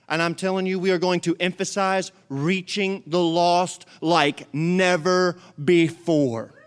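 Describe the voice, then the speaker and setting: A man preaching a sermon in a church. His voice is fairly high for a man, smooth and clear, and he drives his points home by repeating them. He keeps calling on the congregation to answer back. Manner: preaching with rising emphasis and repetition; calls the congregation to respond. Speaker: pastor. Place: church sanctuary.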